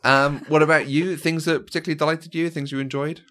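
Fast and flat, his fairly high, slightly bright voice carries a loose film-review chat on a podcast he co-hosts. He hesitates a lot, leans on fillers, and laughs frequently.

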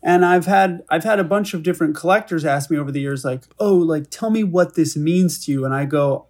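A man, a visiting artist, chatting casually and telling lively anecdotes about his work. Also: on the high side, a little fast, few pauses. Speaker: artist guest. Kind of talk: casual chat.

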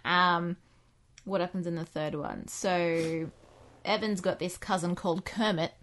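A woman's voice: fairly low pitch, fairly even intonation, measured pace, a bit bright. Rambling, sarcastic woman. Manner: rambling, sarcastic, full of fillers and asides. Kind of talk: casual chat, recapping books.

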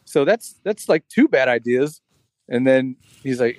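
A man's voice: mid-range voice, animated, unhurried, a little mellow, dry recording. A man telling a long story in casual chat, rambling with lots of "like" and "you know".

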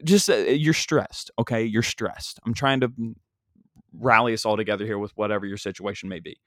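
A man's voice: lowish voice, moderate pace, fairly bright tone, dry recording, studio quality. A young man hosting his own podcast, telling a rambling comic story full of fillers into a single microphone. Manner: rambling, many fillers and restarts. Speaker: podcast host and stand-up comic.

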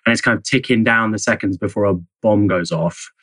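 This journalist, a man whose voice sits on the low side and sounds a bit bright, responds briskly in a conversational interview. His long explanations are packed with fillers, hedges and false starts, captured on a low-quality recording without room sound.

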